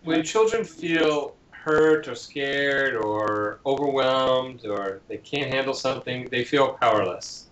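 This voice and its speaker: A man answers interview questions about parenting and tells stories, slipping into playful acted voices for children and parents. His pitch is average. The sound is dull and lo-fi, in a roomy, echoey space. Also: slow pace, few pauses. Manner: animated storyteller who acts out children's lines. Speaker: parenting author and guest.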